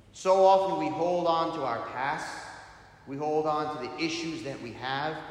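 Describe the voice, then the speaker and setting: Priest giving a sermon, slow emphatic preaching, kinda high voice, tons of church echo. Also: male voice. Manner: slow, emphatic preaching with strong rises on key words. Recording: echoey church hall.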